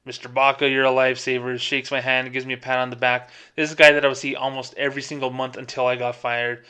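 Speaking fast in a smooth, mid-range voice, a podcast co-host and ex-bank worker recounts a story in a casual manner. He brings it to life by acting out the lines of the other people in it.

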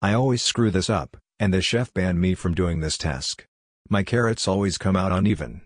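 A man narrating a story in an even, measured reading. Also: sits low, no echo, clean studio sound. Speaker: audiobook reader.

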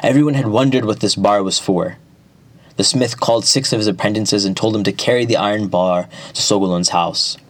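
A man narrating an epic folk tale at a measured pace, with small restarts. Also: fairly low pitch, dry recording. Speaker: storyteller.

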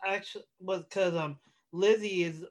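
A man's voice: high voice, fairly even intonation, moderate pace. Rambling man on a casual podcast. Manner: rambling with many fillers and restarts. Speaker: podcast co-host. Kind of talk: casual chat.

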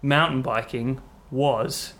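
A man's voice: mid-range voice, steady tone, slow, a bit bright. A young man, a podcast guest telling rambling, self-mocking stories with lots of fillers. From South Africa. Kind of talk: casual conversational storytelling.

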